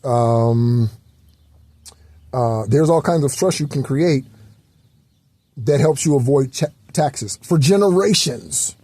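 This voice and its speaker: A man's voice: mid-range voice, animated, slow, long pauses, warm tone, dry recording. A man hosting a spiritual talk channel, speaking in a loose, rambling way with many fillers and the occasional swear word.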